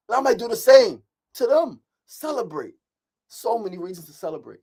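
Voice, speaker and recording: A man's voice: high-pitched, big pitch swings, brisk, darkish tone, husky. A man hosting a motivational podcast, talking in an emphatic, preachy monologue that repeats its points. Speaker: host.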